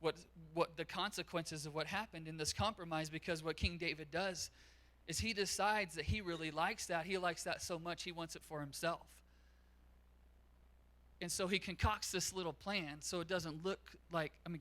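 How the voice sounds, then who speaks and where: A man pastor preaching a sermon in a church, telling a story in an animated way. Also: a little high, normal speed. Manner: animated storytelling, acts out quotes.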